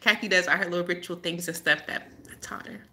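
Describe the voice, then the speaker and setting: A woman's voice: lowish voice, fast, pushed and bright. A woman hosting a casual live-stream chat as a spiritual healer, rambling and laughing often as she tells stories.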